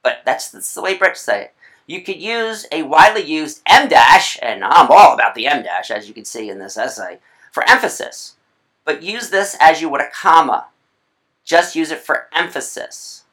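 A writing instructor giving a recorded video lecture, chatty, with playful asides and quick self-corrections. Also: mid-range voice, lively intonation, fairly bright tone.

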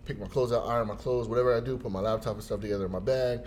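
A man telling a funny everyday story in a casual chat, jumping into high voices when he quotes people. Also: steady tone, rapid-fire, darkish tone, a little hiss or hum.

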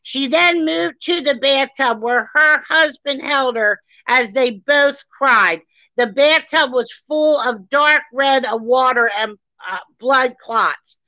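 A woman co-hosting a podcast, ranting furiously with heavy swearing and shouts. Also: high voice, slow, no echo, poor audio. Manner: reads a news article aloud. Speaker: podcast co-host. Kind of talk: angry podcast discussion.

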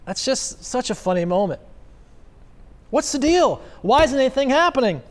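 A male pastor preaching on a church stage at a stand microphone, animated and joking as he retells a story. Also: extremely high pitch, moderate pace. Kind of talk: sermon.

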